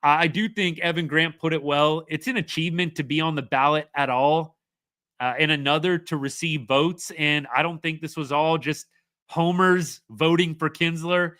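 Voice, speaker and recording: A man's voice: fairly high pitch, fairly even intonation, normal speed, pushed and bright, no echo, studio quality. A young man hosting a casual live sports talk show, chatty and opinionated as he answers viewer comments. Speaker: podcast host.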